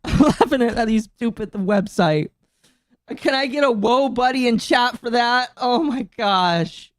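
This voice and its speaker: A woman's voice: a little high, normal speed, dry recording. A woman streams from home and chats loosely to her viewers, giggling as she rambles. Her throat keeps catching with coughs. The sound is close and dry. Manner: giggly, rambling, talks to chat. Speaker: streamer reacting to a video. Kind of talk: casual live-stream chat.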